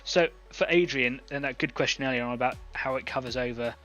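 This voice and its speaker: Man, live-stream painting host, chatty, thinks aloud with fillers, mid-pitched, soft music underneath. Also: fairly quick, muffled recording. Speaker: online painting club host.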